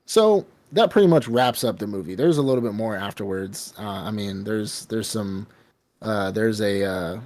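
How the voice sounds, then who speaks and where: A man's voice: fairly low pitch, moderate pace. A man co-hosting a podcast, recapping a film in casual, rambling, profane chat. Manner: rambling, profane, animated storytelling. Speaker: podcast co-host.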